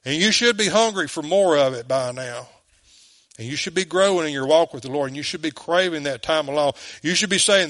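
A man preaching a sermon in an earnest way, who asks his listeners direct questions and slows down when he quotes scripture. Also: on the high side, fairly bright tone, dry recording. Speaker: pastor.

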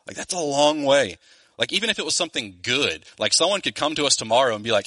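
A man preaching a sermon in a church, earnest and emphatic, slowing down to stress key phrases. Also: mid-range voice, animated, sharp tone, no echo. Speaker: pastor. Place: Louisiana church.

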